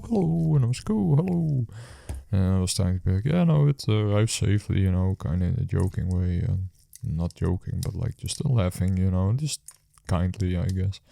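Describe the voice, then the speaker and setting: A man's voice: low voice, gravelly, mellow, no echo. A man who works as a food delivery rider, casually telling a story after his shift in a rambling, hesitant way full of fillers and restarts.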